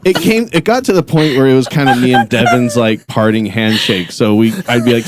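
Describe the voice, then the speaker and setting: A man's voice: medium pitch, fairly quick, hardly any pauses, noisy background. A man from Utah with kids, telling an embarrassing story in a casual podcast chat, laughing and self-deprecating. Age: adult with kids. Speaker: podcast co-host.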